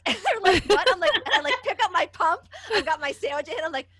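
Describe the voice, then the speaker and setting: A woman who works as a nurse, telling a lively work story in casual chat and laughing often. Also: sits high, fairly quick, hardly any pauses, no room sound.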